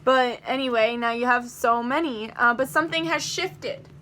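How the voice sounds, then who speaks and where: A woman's voice: fairly high pitch, moderate pace, pushed and bright. A young woman doing a casual tarot reading to camera, chatty, swearing freely and acting out little quoted asides. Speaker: tarot reader.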